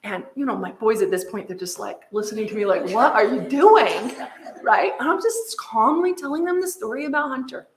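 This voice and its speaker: American woman, seminar speaker, animated storytelling, echoey hall. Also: on the high side, fast talker, hardly any pauses, a little hiss or hum. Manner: animated storytelling, frequent "right?" checks. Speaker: seminar presenter. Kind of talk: lecture with personal anecdote.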